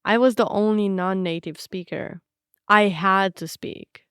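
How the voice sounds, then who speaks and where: Smooth-voiced young woman narrating reflectively. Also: mid-range voice, fairly bright tone, no echo, studio quality. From Romania. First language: Romanian. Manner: reflective, measured storytelling. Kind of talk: scripted narration.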